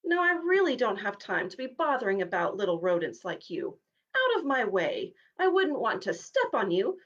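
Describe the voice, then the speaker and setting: A woman's voice: medium pitch, wildly swooping pitch, moderate pace, highs cut off. A woman voicing a proud, snobbish male war horse in a storybook reading, with a haughty, pompous manner. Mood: boastful.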